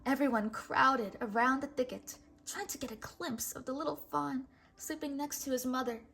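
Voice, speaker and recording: A woman hosting a channel and reading a children's storybook aloud, slow, clear and expressive. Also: high voice. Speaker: storybook reader, channel host.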